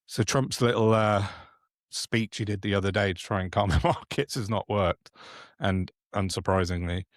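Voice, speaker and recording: A man's voice: lowish voice, moderate pace, dry recording, studio quality. A man co-hosting a podcast, chatting casually and indignantly about the news, often restarting his sentences. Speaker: podcast co-host. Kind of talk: casual political chat.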